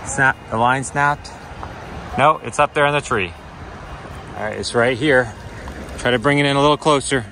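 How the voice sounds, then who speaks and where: A man's voice: medium pitch, moderate pace, long pauses, sharp tone, slight background noise. A middle-aged man filming a casual outdoor vlog by a river, cheerfully coaching a child through fishing, recorded on a handheld camera. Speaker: vlogger. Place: outdoors by a river in cold weather.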